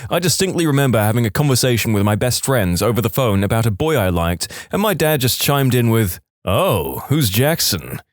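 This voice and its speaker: A male narrator reads reader-submitted stories in a wry, scripted delivery. His pitch moves up and down a lot as he tells them. The recording is close and dry, with no room sound. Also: expressive, quick pace, hardly any pauses, no echo. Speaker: story narrator.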